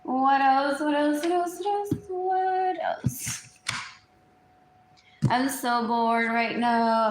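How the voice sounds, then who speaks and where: Indoors at home, a woman with a high voice livestreams at an extremely slow pace, pausing often. She rambles repetitively, drifting and trailing off into murmurs, with slight background noise and a roomy echo.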